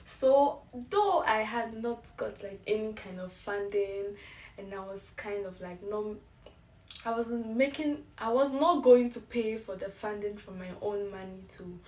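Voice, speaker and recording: A woman's voice: medium pitch, measured pace, roomy sound, recorded from a distance. A young woman in her twenties from Ghana, telling a casual story-time vlog and laughing as she acts out the emails she got. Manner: animated, laughing, acts out emails in bright voices. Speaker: vlogger.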